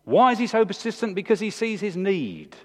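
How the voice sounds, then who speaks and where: A man, preaching a sermon in a church with emphatic, animated delivery. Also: brisk. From England. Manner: animated, emphatic preaching with big swings in pitch. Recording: long hall reverb.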